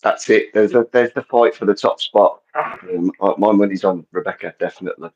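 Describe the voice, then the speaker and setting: A man's voice: fairly low pitch, brisk, highs cut off. A man chatting playfully and teasing his co-host during a casual stream. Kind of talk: casual banter.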